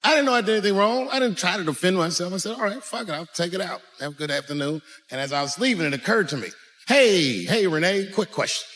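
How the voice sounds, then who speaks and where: A man doing profane, animated stand-up storytelling on stage with a handheld mic, punching up lines with sudden shouts. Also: high-pitched, fast talker. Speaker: stand-up comedian. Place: stage in a large venue. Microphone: handheld microphone. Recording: echoey live venue.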